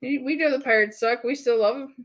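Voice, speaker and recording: A woman's voice: high-pitched, fairly quick. A woman in her twenties co-hosting a podcast, chatting casually and bluntly, with casual swearing. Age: 20s. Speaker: podcast co-host. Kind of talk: casual chat.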